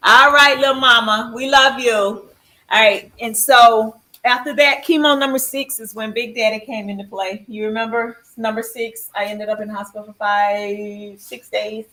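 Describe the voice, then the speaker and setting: Woman host, casual storytelling, lively quoted dialogue, frequent laughs. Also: on the high side, moderate pace. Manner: animated, acts out quoted dialogue, laughs often. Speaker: cancer survivor sharing her story.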